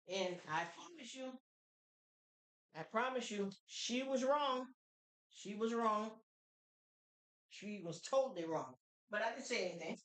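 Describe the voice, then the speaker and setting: A woman's voice: fairly high pitch, animated, takes it slowly, long pauses. A woman hosting a live stream, talking casually and at length to her viewers, rambling with many fillers and restarts. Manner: acts out other people's voices in quotes.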